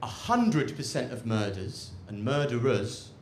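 A man's voice: mid-range voice, very animated, measured pace. A man with a posh English accent doing a live stand-up set, sardonic, swerving between mutters and outbursts, on a handheld mic. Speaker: stand-up comedian. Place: open-air rooftop club stage with live audience. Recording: roomy live venue with loud crowd noise. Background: audience laughter.

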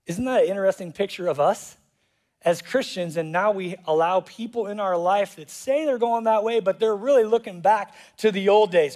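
A man preaching a sermon as pastor, animated and jokey, acting out voices in quotes. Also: sits high, moderate pace. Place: church auditorium.

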